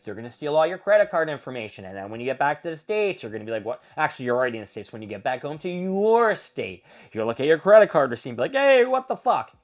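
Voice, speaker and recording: A man's voice: mid-range voice, very animated, rapid-fire, hardly any pauses, lo-fi sound. A man hosting a solo show, venting in a profane, exasperated rant. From Philadelphia area. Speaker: podcast host. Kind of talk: ranting solo monologue.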